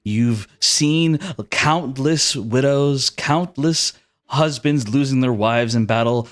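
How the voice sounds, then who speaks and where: A man's voice: mid-range voice, takes it slowly. A man narrating a tabletop game as game master, with easygoing, descriptive storytelling.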